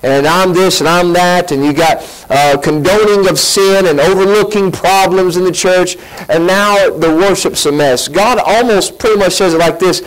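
A man preaching a sermon as pastor, folksy and animated, acting out quotes as he goes. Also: sits high, normal speed, low-quality recording. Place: church sanctuary.

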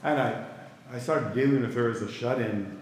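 A man's voice: mid-range voice, normal speed, a little hiss or hum. A middle-aged male pastor teaching a Bible class in a conversational way, stopping to ask the class for reactions. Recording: echoey hall with long reverb.

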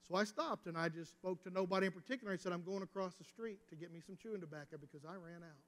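A pastor's high-pitched, fast, somewhat bright voice echoes through a reverberant church hall as he preaches in the sanctuary. He tells a personal story, with intensity that swells and recedes.

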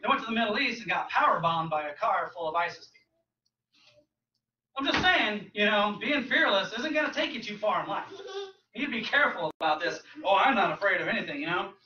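Bright-voiced man preaching in echoey church. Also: high-pitched, big pitch swings, fairly quick, slight background noise. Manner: casual, joking preaching with mocking quoted voices. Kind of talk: sermon. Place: church sanctuary. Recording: roomy, distant, dull church recording.

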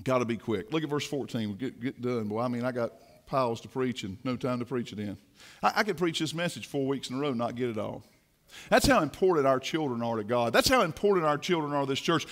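A man preaching a sermon in a church, swinging from quiet asides to fiery shouting. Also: mid-range voice, animated, fast. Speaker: pastor. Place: church sanctuary.

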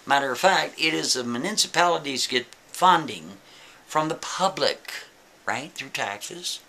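A man telling a story in a lively, emphatic, casual way, talking straight to the listener. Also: mid-range voice, unhurried.

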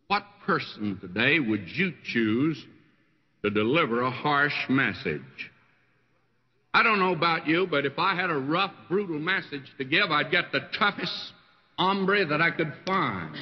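An older man preaching a sermon as a pastor, telling stories in a folksy, animated way. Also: measured pace. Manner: folksy storytelling preacher with wide swings in pitch. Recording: dull lo-fi archival sermon recording with long hall reverb.

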